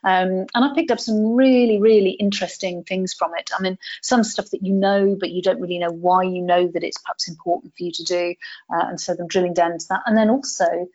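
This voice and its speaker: A woman's voice: lowish voice, fairly even intonation, brisk, a little mellow. A woman co-hosting a podcast, talking things through in a thoughtful, rambling way with many fillers. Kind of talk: casual chat. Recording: dull lo-fi audio.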